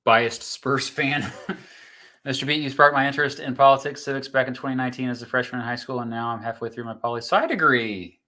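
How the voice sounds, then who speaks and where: Bright-voiced man chatting on a livestream. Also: mid-range voice, fairly even intonation, brisk. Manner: chatty, many fillers and restarts. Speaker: YouTube host reading live chat. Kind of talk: casual livestream talk about court rulings.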